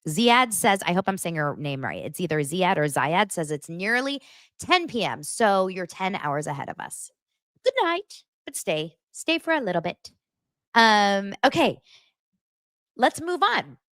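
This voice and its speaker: A woman hosting a pop-culture livestream chats casually to her live audience, gushing and full of fillers and asides. Her voice is fairly low-pitched with a fairly bright tone, recorded in studio quality with no room sound.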